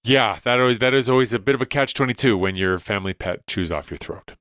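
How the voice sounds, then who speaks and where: A man's voice: mid-range voice, quick pace, a bit bright, smooth, dry recording. Chatty science-explaining man, dry sound. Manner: enthusiastic, explains studies with many "like"s. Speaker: science educator guest. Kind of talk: casual podcast chat.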